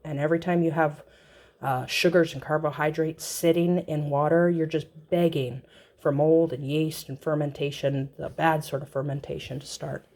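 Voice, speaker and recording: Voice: medium pitch, fairly even intonation, normal speed, a little mellow. A small-farm owner chatting casually through a how-to demonstration, explaining as they go with plenty of ums and uhs.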